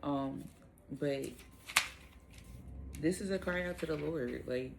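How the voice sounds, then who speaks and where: A woman hosting a casual devotional Bible talk, speaking in a relaxed, rambling way with lots of "um" and "like". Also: sits low, slow pace, creaky, noisy background. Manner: relaxed, rambling, heavy use of fillers like "um" and "like".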